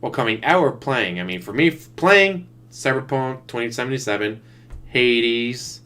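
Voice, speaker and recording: A man's voice: mid-range voice, lively intonation, normal speed, fairly bright tone. A man giving sarcastic, mocking running commentary while he watches another streamer's broadcast. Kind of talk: casual reaction commentary. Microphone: desktop USB mic.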